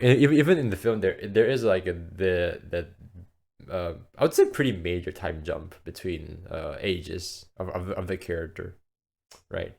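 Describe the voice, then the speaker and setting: A man's voice: sits low, vocal fry, darkish tone. A man hosting a casual movie podcast, rambling with lots of fillers and restarts. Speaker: podcast host. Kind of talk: casual chat.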